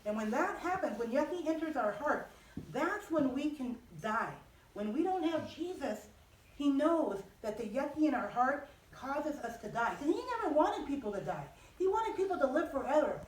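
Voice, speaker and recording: A woman teaching children, telling a Bible story in an animated, expressive way and asking them questions. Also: high voice, moderate pace, reverberant, far from the mic, a little hiss or hum, poor audio.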